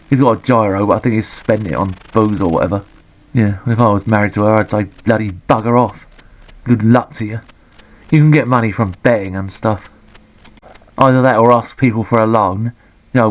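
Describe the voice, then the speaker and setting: A man giving sweary, deadpan, sarcastic commentary on a retro game. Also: medium pitch.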